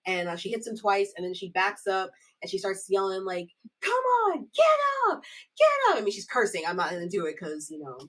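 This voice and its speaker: A woman co-hosting a podcast in casual chat, animated and laughing often, acting out scenes with loud quoted lines. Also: on the low side, fast, few pauses. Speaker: podcast co-host.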